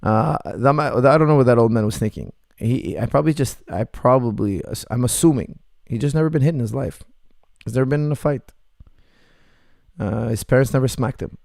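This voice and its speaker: A man with a gravelly, middle-pitched voice hosts a casual livestream Q&A as a martial arts coach. He reads chat messages aloud and answers bluntly, joking and laughing often. The sound is dry and close. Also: a little fast, a little mellow, dry recording.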